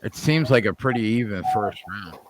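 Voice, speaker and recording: Deep-voiced New man. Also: expressive, moderate pace, background noise. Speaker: podcast co-host, bettor. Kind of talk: casual chat about betting.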